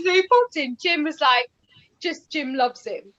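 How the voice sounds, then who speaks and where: A woman's voice: sits high, unhurried, a bit bright. A woman chatting casually as a guest, telling rambling stories and laughing often. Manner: bubbly, laughing, rambling storyteller. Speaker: radio presenter guest. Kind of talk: casual chat. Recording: dull lo-fi audio.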